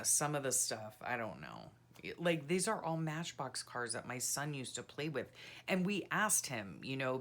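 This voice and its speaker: A middle-aged woman chatting casually as she flips through her journal, giggly and full of ums and exclamations. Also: very deep voice. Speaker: journaling channel host. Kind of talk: casual chat while flipping through a journal.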